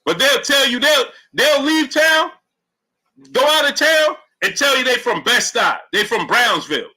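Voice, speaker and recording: A man's voice: very high voice, measured pace, low-quality recording. A man with a New York accent hosting a casual sports live stream, talking animatedly and reading viewers' comments aloud. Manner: animated, talks straight to chat, reads comments aloud. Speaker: sports show host.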